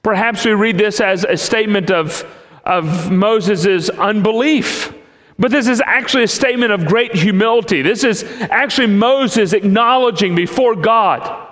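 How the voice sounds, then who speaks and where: A man preaching a sermon in an emphatic way, with long pauses between phrases. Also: high voice, animated, fairly bright tone. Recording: long hall reverb.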